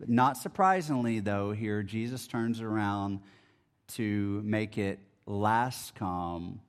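A man's voice: lowish voice, slow pace. A man preaching a sermon in a conversational style, explaining a Bible passage verse by verse. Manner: conversational, animated. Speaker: pastor.

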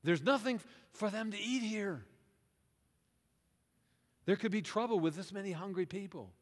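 A man's voice: high voice, moderate pace. A male pastor preaching a sermon to his congregation, retelling a scripture story as if the listeners were there and asking them questions. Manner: animated storytelling, first-person plural, questions to the congregation. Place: church sanctuary. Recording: reverberant hall.

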